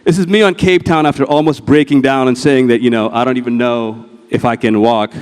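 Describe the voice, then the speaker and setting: A man's voice: mid-range voice, fairly even intonation, brisk, a little mellow, smooth. Profane storytelling man on stage. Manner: profane, storytelling, acts out dialogue. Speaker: motivational speaker. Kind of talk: live keynote talk with slides. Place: large event hall. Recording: long hall reverb.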